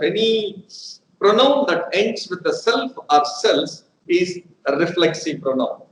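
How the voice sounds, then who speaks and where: Slow, high-voiced teacher. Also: male voice. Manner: deliberate, repeats examples for emphasis. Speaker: English teacher. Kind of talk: live educational lecture. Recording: roomy echo with faint room hum.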